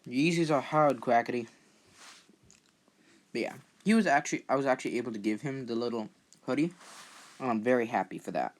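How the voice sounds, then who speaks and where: A man's voice: medium pitch, fairly quick, long pauses. A young man hosting his own channel, talking casually in a rambling, self-deprecating way and often repeating words as he goes. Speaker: channel host. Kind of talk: casual vlog commentary.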